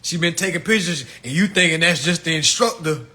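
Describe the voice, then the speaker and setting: Man, casual livestream rant, slangy, animated, ringing tone, fairly high pitch. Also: brisk. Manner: slangy and animated, jumps from low mutters to shouts; laughs at his own jokes. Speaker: livestream host.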